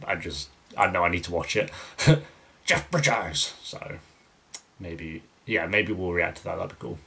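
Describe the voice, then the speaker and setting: A young man with a deep, low voice hosts a relaxed Q&A. He rambles through viewer questions, loose and chatty, restarting his sentences and filling gaps with "um" and "like". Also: normal speed, gravelly. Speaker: YouTube reaction channel host. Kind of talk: casual Q&A, reading viewer questions.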